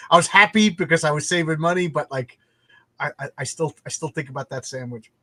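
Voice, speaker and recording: A chatty man from New York hosting a livestream, talking in a loose, rambling way and tripping over his words. His voice sits a bit higher than most men's, and the sound is close and dry with no room around it. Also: a little fast, bright, forceful tone, no room sound. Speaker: livestream host. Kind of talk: casual livestream chat.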